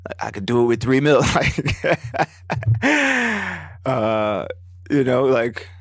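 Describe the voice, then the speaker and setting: A man hosting a podcast and telling a story casually, animated and profane, jumping high in pitch when he quotes others. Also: slow pace, dry recording, studio quality. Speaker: podcast host; business owner.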